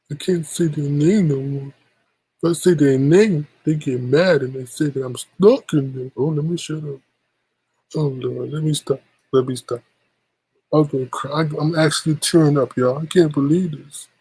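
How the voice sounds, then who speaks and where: A man's voice: a little high, steady tone, normal speed, dark tone, breathy edge, low-quality recording. A man vlogging to his viewers in a plaintive, mock-tearful monologue, repeating himself as he complains. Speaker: YouTube vlogger. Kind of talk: emotional livestream monologue.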